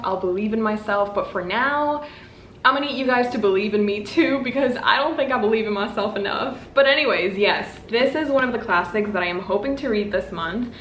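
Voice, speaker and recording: A woman's voice: medium pitch, a bit bright, a little hiss or hum. Young woman, book vlogger, casual chat, bubbly, dramatic asides, roomy echo. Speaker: booktuber. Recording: echoey room with faint ambience.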